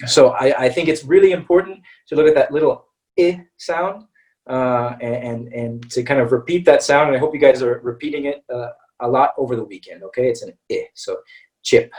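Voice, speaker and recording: A man with an American accent teaching English vowel pronunciation in a webinar, patiently modelling each sound slowly and checking in with "okay?" after nearly every phrase. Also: medium pitch, darkish tone, recorded from a distance, poor audio. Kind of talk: webinar lesson.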